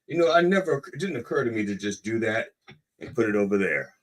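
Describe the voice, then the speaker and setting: A fast-talking podcast host with a lowish, animated voice delivers a casual monologue that rambles and digresses, with frequent self-interruptions.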